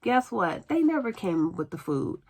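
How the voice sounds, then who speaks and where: A woman telling a personal story in a casual storytime vlog, chatty and animated, acting out what others said. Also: a little high, a little slow, slightly rough.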